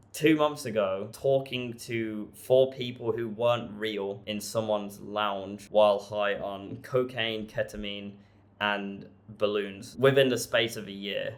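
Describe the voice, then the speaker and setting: A man's voice: lowish voice, vocal fry. A young man in his twenties telling a candid personal story in casual vlog talk, swearing freely, laughing and restarting his sentences. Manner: frank and sweary, laughs often, restarts a lot. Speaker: self-improvement vlogger.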